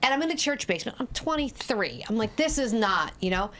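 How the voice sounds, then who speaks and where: Podcast guest: woman in her 40s, blunt and lively storyteller with a salty tongue. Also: fairly high pitch, fast. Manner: blunt, lively storyteller who swears freely. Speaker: addiction specialist guest. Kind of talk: candid conversational storytelling.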